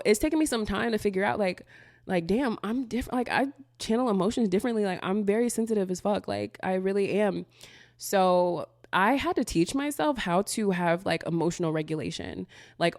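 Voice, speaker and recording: A woman's voice: mid-range voice, no echo, studio quality. A woman coach answering viewer questions in a loose, candid way, filling her talk with "like", swearing freely and laughing between thoughts. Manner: loose and candid, heavy use of "like", frequent swearing. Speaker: manifestation coach. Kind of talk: casual Q&A monologue.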